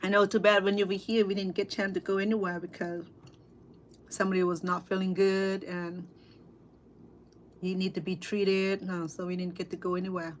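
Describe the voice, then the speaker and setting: A middle-aged Cambodian-accented woman talks to her viewers while she eats, in a loose, easygoing chat. Her pitch sits mid-range, and she stops and restarts her sentences often, with plenty of "um"s. A faint hum of room noise lies behind her phone. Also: level tone. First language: Khmer. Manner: chatty, halting, with frequent fillers and restarts. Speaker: cooking vlogger and interpreter. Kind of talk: casual livestream chat while eating. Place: at home at a dinner table.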